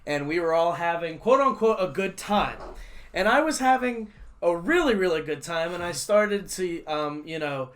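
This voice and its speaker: A man's voice: sits high, lively intonation, moderate pace, a bit bright, a little hiss or hum. A young man hosting a casual podcast, telling rambling stories and laughing often. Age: young adult. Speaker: podcast host. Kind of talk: casual chat.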